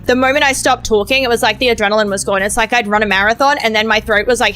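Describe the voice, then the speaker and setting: A woman's voice: a little high, fast, few pauses, pushed and bright, faint music behind. A young adult woman streaming a game, chatting casually in a rambling, profane, self-mocking way. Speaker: VTuber streamer. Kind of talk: casual gameplay stream chat.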